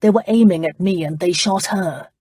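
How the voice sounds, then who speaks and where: An impatient, high-handed nobleman who barks orders and answers with dry sarcasm, as a woman narrator puts him on. The voice sits low and slightly husky. It is recorded close and dry in a storybook reading. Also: moderate pace, a little mellow, dry recording. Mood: imperious. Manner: commanding, dry and sardonic. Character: arrogant impatient young duke, man.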